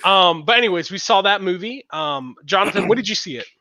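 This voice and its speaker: A man's voice: high-pitched, animated, brisk, pushed and bright. A man co-hosting a podcast in casual chat, rambling with fillers and restarts. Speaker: podcast co-host.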